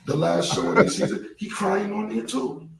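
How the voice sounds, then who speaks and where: A man's voice: high-pitched, normal speed, gravelly, heavy background noise. A man, blunt and profane, telling his side of a story in casual interview talk. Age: 40s. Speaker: interview guest. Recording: roomy echo, mic at a distance.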